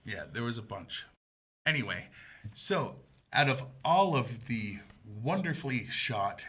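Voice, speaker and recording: A man co-hosting a community TV movie talk show, chatting casually with animated, mocking humor and frequent laughter. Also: medium pitch, measured pace. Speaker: co-host of a movie review show. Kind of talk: casual chat. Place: community TV studio.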